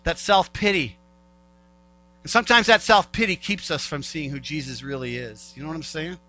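A male pastor preaching in a bright, forceful voice that sits a little high for a man. He talks in a loose, conversational way, repeating his key phrases and slipping into the voices of doubters. A faint hum and soft music sit behind him. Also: moderate pace, low-quality recording. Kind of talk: sermon.

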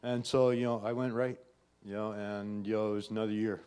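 A man's voice: fairly low pitch, level tone, brisk, dark tone, smooth. A middle-aged man giving a personal faith testimony in a conversational way, often adding "right?" and "you know". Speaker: testimony speaker.

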